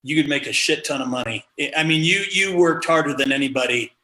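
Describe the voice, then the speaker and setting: A middle-aged comedian from the American Midwest, appearing as a podcast guest, tells funny stories in casual chat at a quick pace. His voice is on the high side, and he animatedly acts out the voices he quotes, though the audio is poor and reverberant.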